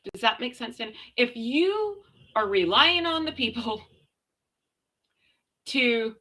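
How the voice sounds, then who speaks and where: An American woman hosts a chatty livestream, sarcastically commenting and reading viewer messages aloud with emphasis, lingering unhurriedly over each phrase. Her fairly high, bright, ringing voice has a sing-song lilt. The recording quality is low.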